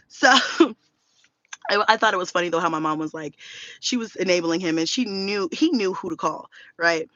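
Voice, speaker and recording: A woman in her thirties telling a story in a casual vlog rant, blunt and animated, swearing freely. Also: medium pitch, moderate pace, no room sound, dull audio. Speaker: vlogger.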